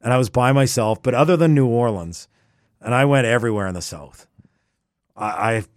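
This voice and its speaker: A man speaks as an interview guest in an even, mid-range voice. He is enthusiastic and animated, often restarting his phrases. The recording is dry and close. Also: medium pitch, brisk, no echo. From Canada. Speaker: guest, traveller. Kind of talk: casual conversational interview.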